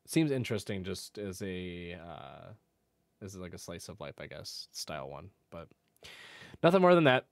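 A man's voice: low voice, very animated, moderate pace, no echo. A man co-hosting a casual chat podcast, amused and laughing often as he reads titles aloud. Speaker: podcast co-host.

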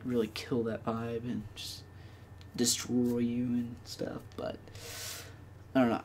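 A man giving casual commentary over his own multiplayer gameplay, rambling with many fillers and breaking into excited bursts. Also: medium pitch, slight background noise. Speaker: gaming channel host.

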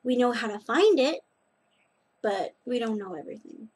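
A woman's voice: fairly high pitch, expressive, normal speed, a little mellow, slightly rough. A young woman vlogging in a rambling, chatty way, full of restarts and asides. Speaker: knitting and nails vlogger. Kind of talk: casual chat.

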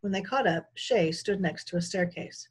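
A woman teacher reading a children's chapter book aloud in a calm, measured storytelling voice. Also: medium pitch, husky.

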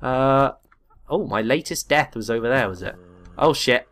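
Excitable guy narrating gameplay. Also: mid-range voice, moderate pace. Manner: excitable, swears, exclaims and laughs often. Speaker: let's play gamer. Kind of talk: gameplay commentary.

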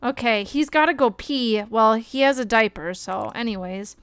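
A young woman streaming a game, chatting excitably and gasping as she plays. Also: fairly high pitch, moderate pace, smooth, dry recording, clean studio sound. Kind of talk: casual gameplay commentary.

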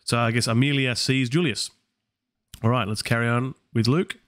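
A man's voice: medium pitch, fairly even intonation, normal speed, fairly bright tone. A man hosting a live study stream, working through translations aloud and questioning himself as he goes. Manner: puzzles over translations aloud, self-questioning. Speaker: Latin learner hosting a stream.

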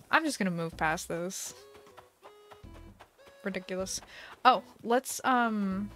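A young woman casually telling a story while streaming a game, chatty and animated with many fillers and laughs. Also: medium pitch, takes it slowly, pauses often, faint music behind. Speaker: gaming livestream host.

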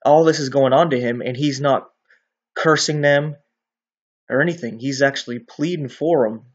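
A man talks through a Bible passage in a loose, conversational way, now and then checking in with his listener. His voice sits at an ordinary middle pitch. The recording sounds a little dull and lo-fi. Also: moderate pace, slightly rough. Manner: conversational, often ends with "right?". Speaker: bible teacher. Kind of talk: casual bible teaching.

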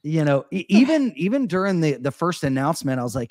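A man's voice: a little high, big pitch swings, quick pace, hardly any pauses, a little mellow, dry recording, studio quality. A man co-hosting a money talk show, casually telling stories in a laid-back way with lots of filler words. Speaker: co-host. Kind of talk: casual chat. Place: Austin.

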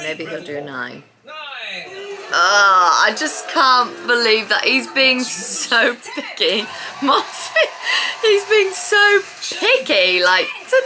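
A woman reacting to a dance show in casual, gushing commentary that swings between squeals and quiet awe. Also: medium pitch, measured pace, rough recording. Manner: excitable, gushing, squeals and laughs. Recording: loud TV music behind the voice. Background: TV show music playing.

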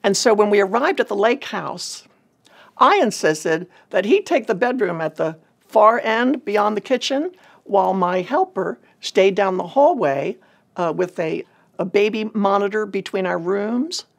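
Woman, ministry leader, gravelly husky tone, earnest and measured testimony talk. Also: medium pitch, animated. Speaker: ministry leader telling a personal story.

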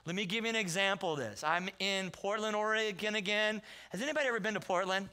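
A man preaching a sermon in a Southern California accent. He tells stories in a loose, conversational way and acts out the quotes in loud bursts. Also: high voice, fast talker, clear, resonant tone. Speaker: pastor. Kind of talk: sermon with storytelling. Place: church sanctuary.

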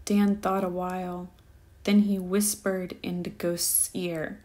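A woman reading a rhyming children's picture book aloud with a lively, rhythmic delivery. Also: lowish voice, slow. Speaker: storyteller.

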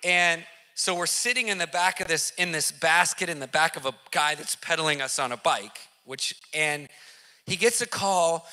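Speaking at a moderate pace in a voice on the high side, a man excitedly tells a personal story as preaching, using casual slang and addressing his listeners directly. He acts out the voices of the people involved and repeats lines for emphasis in this animated testimony.

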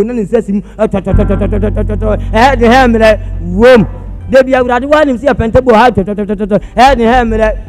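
A man with a Ghanaian accent performing a live comedy monologue on a theatre stage, animated and acting out sounds with his voice. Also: extremely high pitch. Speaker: comic storyteller. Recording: hall reverb with faint music.

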